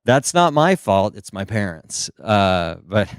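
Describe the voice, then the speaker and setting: A young man from the United States performs stand-up comedy into a handheld microphone, his voice smooth and resonant in a dry, close sound. He tells his stories in an animated, playful way. He keeps breaking into silly, high-pitched voices for the people he quotes. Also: takes it slowly, no room sound. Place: small stage.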